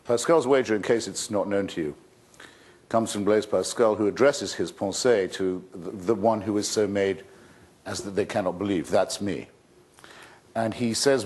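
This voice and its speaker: Man, low voice, sardonic debater, articulate, fielding questions. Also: animated, moderate pace, darkish tone, husky. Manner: wry, combative, articulate. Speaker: speaker answering audience questions. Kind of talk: public Q&A debate.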